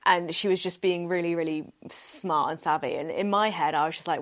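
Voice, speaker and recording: With a fairly low voice, she talks briskly and with few pauses. The young solo podcast host recounts a story cheerfully and conversationally, leaning on "like" a lot, laughing frequently, and performing other people's quoted words.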